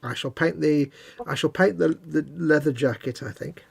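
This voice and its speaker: A chatty British man with a slightly raised pitch and a husky, breathy edge to his voice, stuffed up from a snotty nose. He rambles casually, now and then slipping into silly voices while he paints. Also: normal speed. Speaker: co-host of a live miniature painting stream.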